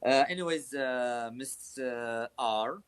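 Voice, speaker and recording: A man from Saudi Arabia hosting a casual live stream chat, talking rapidly with many fillers and frequent laughs. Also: medium pitch, noisy background.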